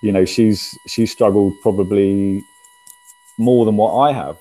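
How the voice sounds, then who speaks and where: Male guest, dark low voice, hesitant and halting. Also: fairly even intonation, low-quality recording. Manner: hesitant, halting, with repeated words. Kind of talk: conversational interview.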